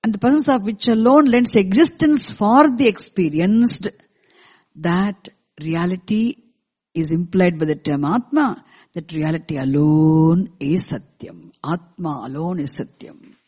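A teacher explaining a scripture verse to a class in a measured way, repeating key terms and asking the listeners questions, with verses chanted slowly in between. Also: medium pitch, a little mellow, breathy edge. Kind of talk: scripture lecture.

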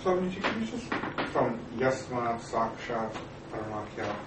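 A man student hesitantly asking his teacher for a translation, pausing and restarting. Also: mid-range voice, big pitch swings. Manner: hesitant, halting request. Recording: distant roomy mic, noisy.

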